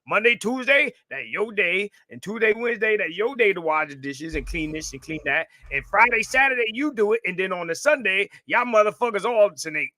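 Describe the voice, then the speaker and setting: A man rants through casual podcast talk with a lively, swooping pitch. His voice is bright and pushed, and the recording is dry and close. He swears freely and stresses every point. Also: fairly quick, hardly any pauses, no room sound. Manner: animated, emphatic ranting, profane.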